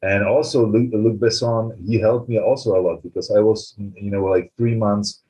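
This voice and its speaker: A man's voice: lowish voice, normal speed. A man in his forties with a Czech accent, a film director telling anecdotes in an interview, peppered with "you know". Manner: animated storyteller, frequent "you know". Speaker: film writer-director guest. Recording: dull lo-fi sound.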